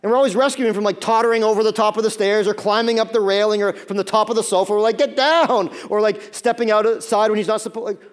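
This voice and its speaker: Young dad pastor, high voice, animated sermon, acts out the voices in his stories. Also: fast talker, hardly any pauses, clean tone. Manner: animated storytelling, acts out voices, many fillers.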